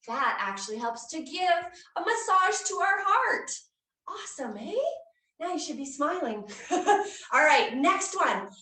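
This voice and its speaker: A woman's voice: high voice, sing-song, unhurried, sharp tone. A woman leading a guided children's yoga class, speaking in a playful, coaxing way and making animal sounds. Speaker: kids yoga instructor. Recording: echoey room, mic far off.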